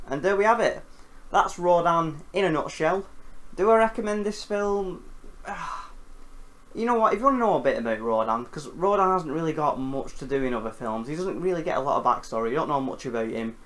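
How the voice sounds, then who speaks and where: A man hosting a casual film recap, animated and jokey, with casual swearing. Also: on the high side, a little fast. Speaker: film reviewer host.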